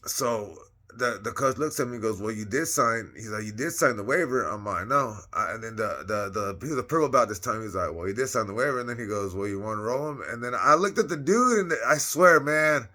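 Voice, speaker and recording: A man's voice: medium pitch, fairly quick. A man telling his own story in a casual, slangy, rambling way, acting out the dialogue as he goes. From Northern California. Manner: slangy, rambling, animated retelling with quoted dialogue.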